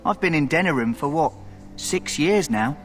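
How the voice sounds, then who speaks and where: A man's voice: fairly high pitch, lively intonation, normal speed, soft background music, natural voice. An actor voicing a cocky young male thief in video game dialogue, talking in a wry, breezy, self-mocking way.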